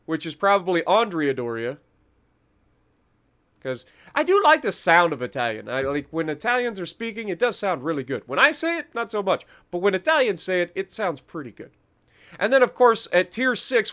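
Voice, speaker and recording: A man with a fairly high voice talks through game patch notes at home. He is chatty and self-mocking, trips over foreign names and drifts into small rants about the game's developers. His delivery stays loose and conversational. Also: sing-song, moderate pace, pushed and bright. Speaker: gaming channel host. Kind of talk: casual patch-notes commentary.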